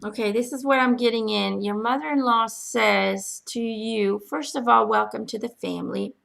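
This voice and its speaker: A woman acting as a spiritual medium, reading answers to questions from her followers in a gentle, halting way with many pauses. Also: on the high side, fairly even intonation, gravelly. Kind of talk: channeling reading, casual spoken.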